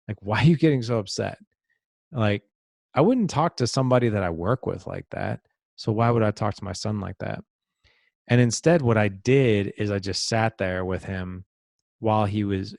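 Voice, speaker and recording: A middle-aged man with a low, gravelly voice talks through a personal story as a podcast guest. He is earnest and reflective and restarts phrases as he thinks. His voice sounds close and dry, with no room around it. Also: a little mellow, no room sound. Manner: earnest, reflective, repeats words while thinking. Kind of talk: conversational storytelling.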